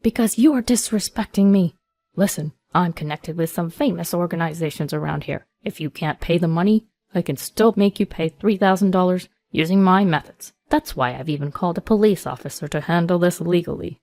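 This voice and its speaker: A woman's voice: fairly low pitch, fairly quick, darkish tone, dry recording, natural voice. A woman reading the lines of an older male steakhouse owner who blusters and threatens in a storybook tale. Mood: threatening. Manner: blustering, menacing.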